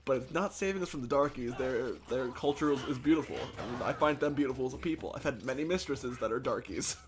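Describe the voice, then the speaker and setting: A man's voice: medium pitch, fast, a crowd in the background, close to an everyday voice. A man voicing a withered, rude old king in a game playthrough, who rambles and laughs at his own remarks. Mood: rambling. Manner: rambling, crude, keeps laughing at himself.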